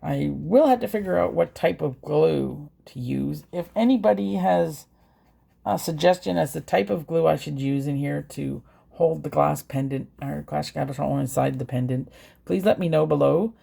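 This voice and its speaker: A woman's voice: low-pitched, moderate pace, vocal fry, mellow, breathy edge. A woman vlogger chatting casually and hesitantly as she unboxes and reviews craft supplies. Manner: chatty, hesitant, with fillers and self-corrections.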